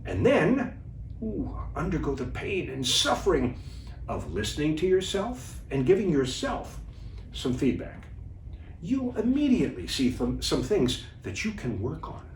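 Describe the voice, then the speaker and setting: A man coaching viewers as a communication trainer in an instructional video talk, deliberate and animated. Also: fairly high pitch, a little hiss or hum. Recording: echoey room, distant mic.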